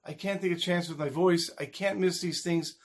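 A man's voice: sits high, fairly even intonation, normal speed. A man speaking the lines of a kind-hearted male comedian and singer, earnest and pleading, while telling a story. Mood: apologetic.

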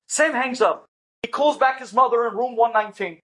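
A man, a rabbi, telling a story in a lecture, animated and acting out the dialogue. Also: very high-pitched, normal speed.

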